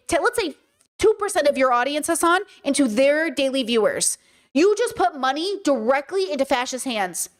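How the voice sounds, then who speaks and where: A woman hosting a commentary livestream, talking emphatically and asking her audience rhetorical questions. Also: high voice. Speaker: streamer host.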